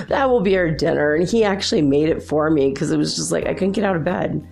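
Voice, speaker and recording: A woman and mother hosts her own talk show, telling personal stories in a loose, rambling way. Her voice sits low and has a gravelly edge, and she laughs often between thoughts. Faint music plays quietly behind her. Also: brisk. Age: adult with children. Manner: rambling, chatty, laughs often, many "like"s and restarts. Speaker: host. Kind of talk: casual personal storytelling.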